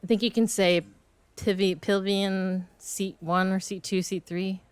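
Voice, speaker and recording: A woman streaming a game and chatting casually with a friend, playful and teasing, her voice a little hoarse. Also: mid-range voice, little pitch movement, a little slow, no echo. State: voice getting hoarse. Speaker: livestreamer. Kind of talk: casual chat while gaming.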